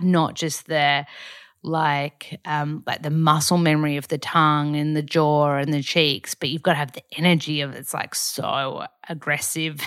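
A woman's voice: low-pitched, fairly bright tone, clean tone. A young Australian woman hosting her own podcast, chatting in an effusive, casual way with plenty of fillers. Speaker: podcast host. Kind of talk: casual solo podcast chat.

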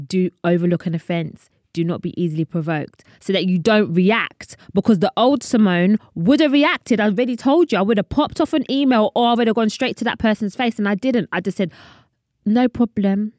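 A woman's voice: medium pitch, fairly quick, darkish tone, no room sound, clean studio sound. Chatty, earnest woman podcaster. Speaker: podcast host. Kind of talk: personal faith talk to listeners.

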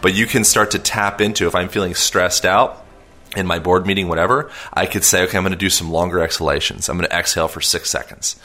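Deep-voiced rambling man explaining. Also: fairly even intonation, fast talker, bright, forceful tone. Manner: rambling, filler-heavy, self-aware long-winded talk. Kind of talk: casual conversational explanation.

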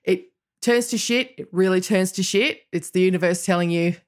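A woman's voice: on the low side, moderate pace. A woman interviewing a guest, asking leading questions and adding reflective asides of her own. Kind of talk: conversational interview.

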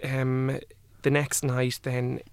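Young guy, gravelly voice, dry close sound, halting story full of "like". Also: mid-range voice, completely flat delivery, no echo. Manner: halting, with many "like" and "I was like" quotes. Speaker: guest. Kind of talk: personal storytelling in conversation.

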